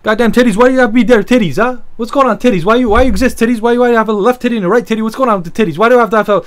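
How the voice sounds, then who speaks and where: A man mimicking a petty, furious woman customer who yells repetitive accusing questions at staff. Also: very high-pitched, very fast, voice pushed up. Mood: ranting.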